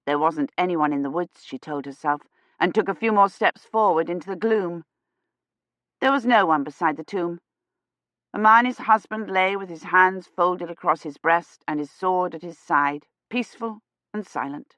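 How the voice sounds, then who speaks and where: A woman narrating an audiobook in a hushed, suspenseful storytelling manner. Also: on the low side, moderate pace, no room sound. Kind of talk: scripted narration.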